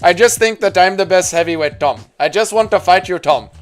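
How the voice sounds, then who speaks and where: A man's voice: high voice, fairly quick, lightly acted. A man putting on an Indian accent to play a courteous male heavyweight fighter who keeps repeating the other man's name. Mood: polite. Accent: put-on Indian.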